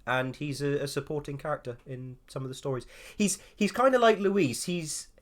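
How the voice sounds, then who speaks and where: In a casual group chat among an art contest's judging panel, this English judge talks in a slightly high voice at normal speed. He rambles through anecdotes with lots of restarts.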